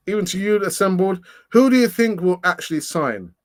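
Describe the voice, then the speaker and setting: A man's voice: high-pitched, lively intonation, a little fast. A middle-aged man hosting a casual live stream, chatting and reading out comments, laughing often and thinking aloud with fillers. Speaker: host of a fan channel live stream.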